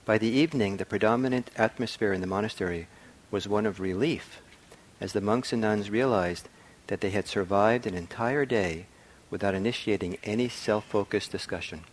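Soft-spoken man with a low voice. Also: moderate pace, hardly any pauses. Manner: soft-spoken, reflective, with frequent ums and restarts. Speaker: meditation teacher. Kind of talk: dharma talk. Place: meditation hall.

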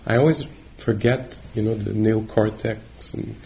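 A male meditation teacher giving a dharma talk on retreat, gentle and reflective, pausing often as he searches for words. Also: on the low side, fairly even intonation, creaky. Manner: halting, searching for words with many pauses.

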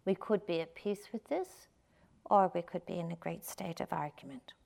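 A woman's voice: on the low side, normal speed, vocal fry, a little mellow. An older woman giving a dharma talk as a meditation teacher, conversational and playful with frequent fillers.

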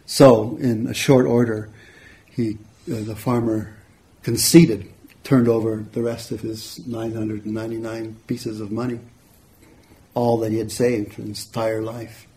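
A man, a meditation teacher, telling a story in a relaxed, conversational dharma talk. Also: on the low side, measured pace. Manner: relaxed, conversational, frequent "you know". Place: retreat center hall.

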